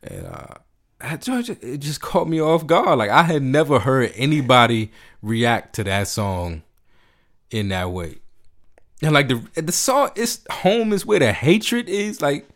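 A man from Washington, D.C. telling a story in casual, laid-back chat, profane and animated. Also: mid-range voice, measured pace.

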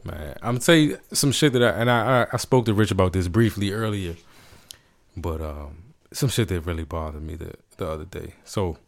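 A man from Washington, D.C. telling a story in casual, laid-back chat, profane and animated. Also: sits low, brisk, vocal fry.

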